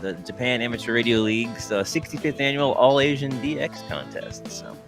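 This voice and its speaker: A man's voice: medium pitch, expressive, fairly quick, vocal fry, over music. A man co-hosting a podcast, reading out event news in a casual, hesitant way with many ums and uhs. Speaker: podcast co-host. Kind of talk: casual chat.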